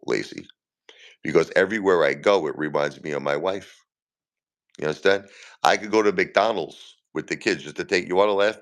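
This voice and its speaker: Grieving male live-stream host in his forties, very deep and gravelly, rambling and repetitive. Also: a bit bright. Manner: repeats himself, talks straight to chat viewers by name. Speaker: livestream host. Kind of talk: casual live-stream talk to viewers.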